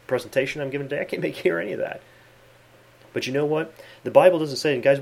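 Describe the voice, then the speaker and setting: Gravelly man teaching the Bible. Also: mid-range voice. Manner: earnest and conversational, quotes scripture, frequent fillers. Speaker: Bible teacher and channel host. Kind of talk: informal video Bible teaching. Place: at his desk in a study with bookshelves.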